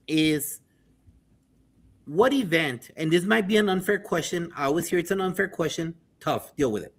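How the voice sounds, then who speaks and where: A man hosting a panel show, playful and full of hype, with sing-song shout-outs to viewers. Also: on the high side. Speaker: host.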